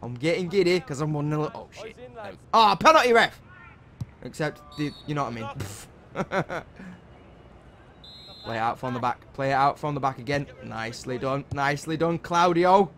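A young man, giving casual commentary while playing a football video game and shouting encouragement and curses at the players. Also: fairly high pitch, lively intonation, moderate pace. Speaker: gaming channel host.

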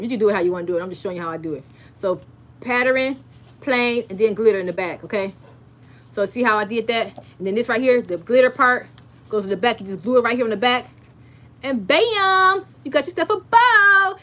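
A woman hosting a crafting livestream from her home craft room, talking fast and chatty and laughing often. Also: mid-range voice, breathy edge. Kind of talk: casual livestream chat and craft demo.

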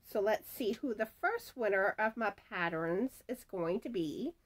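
A slow, lively-voiced woman with a mid-range voice hosts a crochet channel and announces giveaway winners in casual chat. She reads comments aloud and stumbles over names.

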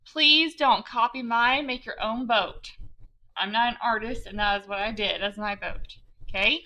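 A woman teacher giving a slow, patient writing lesson to young children, spelling words out letter by letter. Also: medium pitch, fairly even intonation, pushed and bright, low-quality recording.

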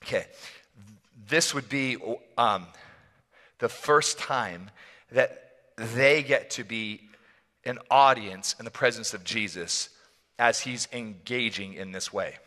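A man preaching a sermon as a pastor, telling the story in an animated, playful way with frequent laughs. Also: medium pitch, takes it slowly, long pauses. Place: church hall. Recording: long church hall reverb.

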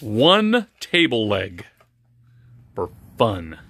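A man's voice: lowish voice, huge pitch swings, drawn-out words, creaky. A man co-hosting an unboxing video, joking and teasing his partner as they guess what the items are. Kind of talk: casual unboxing chat. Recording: noisy home recording.

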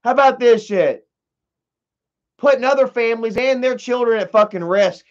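A young man hosts a loose, profane commentary in a rambling, excitable way. His voice sits high for a man. The recording is dull and lo-fi. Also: normal speed. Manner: rambling, heavy swearing, excitable. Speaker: commentary host.

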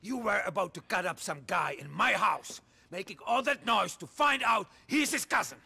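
A man's voice: high-pitched, animated, normal speed, gravelly, slightly rough, exaggerated voice. An actor playing an explosive, contemptuous male mob boss in a game cutscene. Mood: furious. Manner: shouting, contemptuous. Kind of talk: video game cutscene acting.

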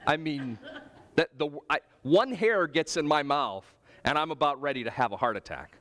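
A male pastor delivers a sermon in a church, weaving humorous personal stories into his teaching. His voice sits high and swings widely in pitch, with a bright, sharp edge. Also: moderate pace. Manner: animated storytelling, with personal anecdotes and humor.

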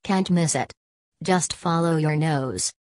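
A woman voicing a gruff but kindly male London cab driver who talks in a blunt, matey way. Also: low voice, takes it slowly, darkish tone, dry recording. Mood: businesslike.

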